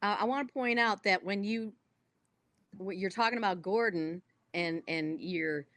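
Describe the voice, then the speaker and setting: A woman's voice: mid-range voice, measured pace, a bit bright, dry recording. A woman hosting a casual music interview who keeps up frequent short affirmations. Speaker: talk show host.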